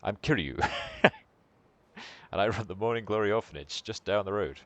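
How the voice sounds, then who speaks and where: A man doing a stoic, low-voiced hero. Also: normal speed, fairly bright tone, natural voice. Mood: calm. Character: stoic, muscular male hero, an orphanage keeper.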